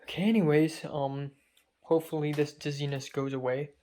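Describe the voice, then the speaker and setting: A young college man with a slightly high, warm voice speaks at a moderate pace in a flat delivery. He's recording a casual diary while feverish and dizzy, and it comes out rambling and hesitant, packed with fillers and restarts.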